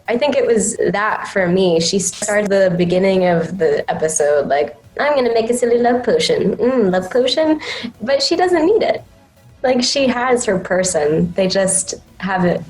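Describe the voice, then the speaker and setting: A woman voice actor chatting casually in an interview, telling animated stories and slipping into the quoted voices. Her pitch sits in a middle range. The room adds a noticeable echo. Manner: animated storyteller, acts out quotes. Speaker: voice actor, guest.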